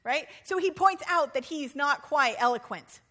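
A woman preacher giving a sermon, animated and humorous, with playful asides. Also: high-pitched, moderate pace.

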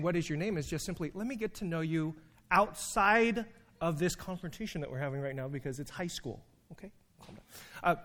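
A man preaching a sermon in a fairly high voice. He tells stories with humor, shifting between slow emphatic phrases and quick asides. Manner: animated storytelling with humor and emphatic pauses. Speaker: preacher and teacher.

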